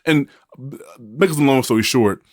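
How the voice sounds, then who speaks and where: A young man co-hosting a relationship podcast in casual chat, rambling and repeating words as he thinks aloud, often quiet and low. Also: measured pace, dry recording, clean studio sound. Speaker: podcast co-host.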